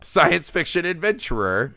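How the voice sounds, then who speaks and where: Podcast host, male, bright tense voice, dry close mic, excitable and sweary. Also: fairly high pitch, unhurried, creaky, no echo. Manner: animated, laughs often, swears casually. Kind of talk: casual podcast film chat.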